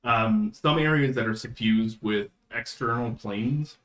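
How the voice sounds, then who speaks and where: A man's voice: medium pitch, a little slow. A man serving as game master for a tabletop game, laying out scenes in a loose, casual way full of fillers. His voice sits in a middle range, and the recording has a noticeable roomy echo around it. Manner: relaxed, casual, filler-heavy description.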